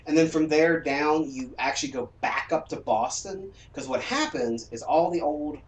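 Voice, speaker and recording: A man's voice: fairly high pitch, normal speed, slight background noise. Southern man, talky streamer who jokes, echoey room, far from the mic. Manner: chatty, lecturing, jokey. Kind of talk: casual chat. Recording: roomy echo from a distance.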